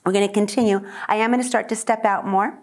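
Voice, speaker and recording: A woman's voice: mid-range voice, fairly even intonation, fast talker, a little mellow. A woman teaching a singing lesson, singing short lines for a student to echo and coaching with encouragement between them.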